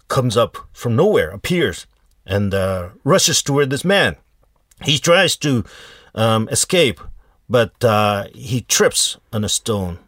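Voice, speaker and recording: Slow, deep-voiced man telling a folk tale. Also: fairly bright tone, no room sound, clean studio sound. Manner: unhurried, halting retelling with fillers and restarts. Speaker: storyteller. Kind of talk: casual folk tale storytelling.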